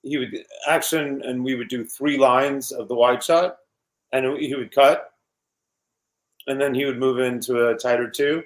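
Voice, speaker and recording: A man in his fifties from New York, a guest actor recalling film shoots in a casual, animated interview. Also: medium pitch, a little slow. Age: 50s. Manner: animated anecdotes with laughs and quoted voices.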